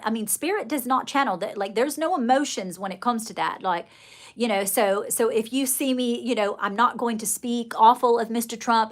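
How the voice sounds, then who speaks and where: A woman's voice: mid-range voice, a bit bright. A woman from Georgia with a Southern accent, chatting casually and rambling fondly to viewers on a livestream. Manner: chatty, gushing, rambling, calls viewers darling. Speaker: livestream host.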